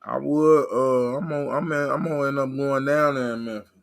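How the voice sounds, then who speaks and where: A man's voice: mid-range voice, fairly even intonation, brisk, creaky. A man hosting a livestream and talking to his chat in a rambling, repetitive, fired-up way. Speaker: livestream host reading chat. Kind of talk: casual livestream rant.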